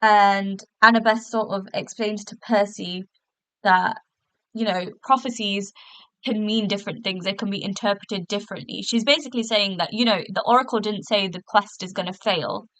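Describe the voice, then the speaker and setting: Woman, solo podcast host, casual rambling review, lots of ums, bright tone. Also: medium pitch, moderate pace, dry recording, low-quality recording. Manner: chatty, many fillers and restarts. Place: hotel room.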